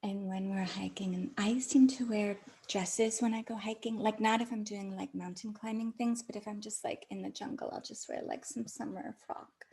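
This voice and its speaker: A woman podcast host telling a personal story in a soft, breathy voice that often sinks to a near whisper, chatty and laughing often. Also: mid-range voice, steady tone, moderate pace. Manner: chatty, with many "like" fillers and frequent laughs.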